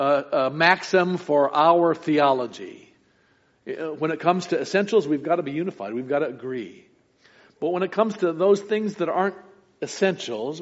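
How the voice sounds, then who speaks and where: A man's voice: fairly high pitch, long reverb tail. A male pastor preaching a sermon earnestly, with restarts between points and sudden emphatic rises. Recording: muffled lo-fi recording.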